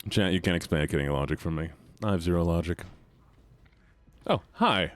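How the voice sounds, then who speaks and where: A man streaming a game and chatting casually with viewers, animated and self-mocking, thinking aloud as he plays. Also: deep voice, a little fast, no echo. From United States. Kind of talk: casual gameplay chat with viewers.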